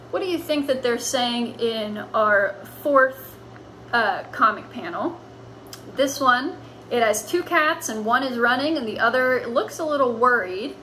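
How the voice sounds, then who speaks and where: A woman's voice: a little high, pushed and bright, slight background noise, rough recording. A woman teaching a lesson on writing comics, explaining patiently as if to children.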